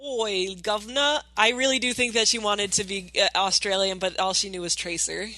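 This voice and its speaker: A woman's voice: medium pitch, steady tone, brisk, pushed and bright, no echo. A woman co-hosting a podcast, chatting casually about a show in a rambling, sarcastic, profane way. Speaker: podcast co-host. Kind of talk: casual show review chat.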